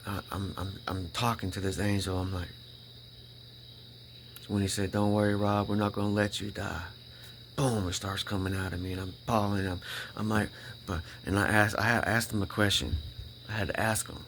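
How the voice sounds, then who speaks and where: A man's voice: deep voice, steady tone, fairly bright tone, a little hiss or hum. A man telling his personal faith story in a casual, emphatic way. He repeats himself, restarts his sentences and keeps checking in with "right?" and "you know?". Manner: halting restarts when emotional. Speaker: vlogger sharing a personal faith testimony. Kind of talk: casual spoken testimony.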